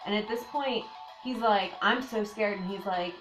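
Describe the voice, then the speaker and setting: A woman's voice: medium pitch, normal speed. Young woman, casual storytime vlogger, breathless filler-heavy delivery, echoey room, faint music bed. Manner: breathless, frequent "like" fillers, emphatic disbelief. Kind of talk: storytime vlog, casual retelling.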